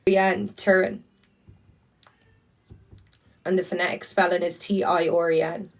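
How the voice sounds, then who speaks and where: A woman's voice: fairly low pitch, flat delivery, a little slow, far from the mic, low-quality recording. A woman with an Irish accent chatting casually on a phone livestream, blunt and swearing freely. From Ireland. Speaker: livestream host. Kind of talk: casual livestream chat reading comments.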